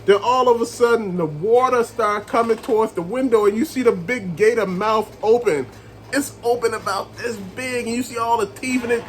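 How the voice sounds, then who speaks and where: A man reviewing a movie in a casual rant, retelling scenes with animated storytelling and calling his viewers family. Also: very high-pitched, moderate pace, a little hiss or hum, rough recording.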